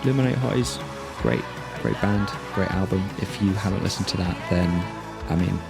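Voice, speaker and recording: A man's voice: low-pitched, normal speed, vocal fry, loud music behind the voice. A man hosting a podcast, chatting in a laid-back, easygoing way over a video call. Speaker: podcast host. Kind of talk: casual interview chat.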